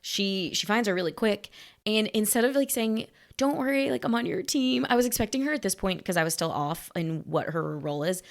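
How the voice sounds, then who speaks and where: Lively, gravelly-voiced woman podcast co-host. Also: mid-range voice, a little fast. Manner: animated, playful, acts out quoted lines. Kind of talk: casual film-review chat.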